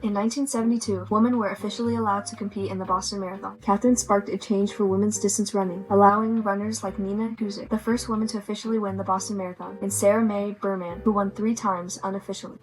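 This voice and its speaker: A young woman reading the narration of a student documentary in a steady, read-aloud way. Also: medium pitch, fast talker, hardly any pauses, soft background music, low-quality recording. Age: young adult.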